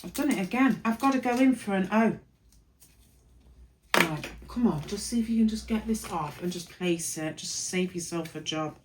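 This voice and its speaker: A woman's voice: mid-range voice, moderate pace, noisy background. A tired woman, chatting and muttering to herself while working in her craft studio. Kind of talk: casual crafting vlog narration.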